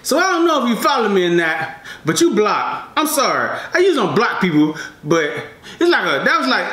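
Animated man chatting in an echoey room. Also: high voice, brisk. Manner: animated, laughs often, drawling asides. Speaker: mukbang vlogger. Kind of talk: casual storytelling to camera while eating.

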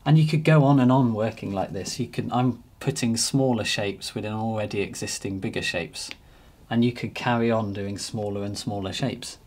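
A man narrating a painting demonstration as he works, relaxed and thinking aloud. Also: lowish voice, moderate pace, few pauses. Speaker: painting teacher.

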